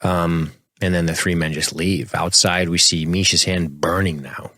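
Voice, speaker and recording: Low-voiced man recapping a show. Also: moderate pace, no room sound, clean studio sound. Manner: recaps scenes in a relaxed, chatty way. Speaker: podcast co-host. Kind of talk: casual podcast chat.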